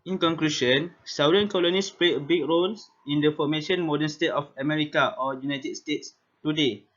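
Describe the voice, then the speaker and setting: A man's voice: on the high side, steady tone, brisk, a bit bright. A young man giving a class presentation over slides, reading steadily with hesitant restarts. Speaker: student presenter. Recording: muffled lo-fi recording.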